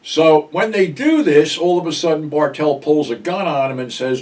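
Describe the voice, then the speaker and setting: A man's voice: fairly high pitch, animated, normal speed, few pauses, darkish tone, recorded from a distance. An older American man hosting a show, casually and bluntly recapping a film's plot with some swearing. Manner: blunt, profane storyteller. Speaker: film review host.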